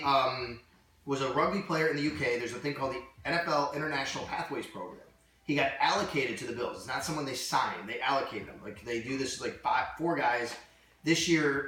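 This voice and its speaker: Brief: excitable man spinning a sports story, bright tone, echoey room and distant mic. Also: mid-range voice, slight background noise. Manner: animated storyteller, lots of "like". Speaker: sports reporter guest. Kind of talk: casual podcast chat.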